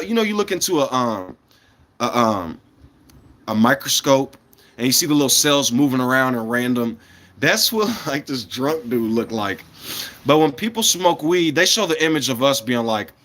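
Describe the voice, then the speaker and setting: A man in his thirties chatting casually to his livestream audience, rambling from point to point, chuckling often and swinging between loud bursts and mumbled asides. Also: mid-range voice, a little hiss or hum. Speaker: livestreamer talking to chat.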